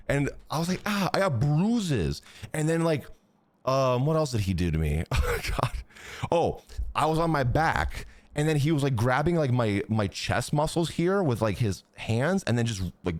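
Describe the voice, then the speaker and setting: A man streaming live, telling chat a crude, animated story full of swearing. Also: mid-range voice, no room sound.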